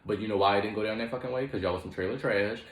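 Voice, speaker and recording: A man's voice: fairly low pitch, racing. A man hosting a comedic mock courtroom commentary, profane and emphatic, peppering his talk with "child" and "okay". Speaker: host. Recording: roomy echo.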